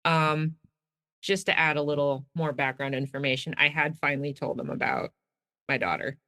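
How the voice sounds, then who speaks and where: A woman's voice: low-pitched, normal speed. A woman guest telling a personal story in a casual way, acting out the quoted dialogue as she goes. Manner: animated, acts out quoted dialogue. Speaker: guest sharing her story.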